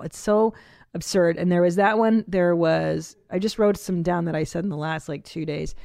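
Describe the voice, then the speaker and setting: A woman in her forties hosting a podcast, chatting casually and comically, animated and swearing freely with quick tangents. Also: fairly low pitch, gravelly, no echo. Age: 40s. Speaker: podcast host. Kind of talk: casual comedic chat.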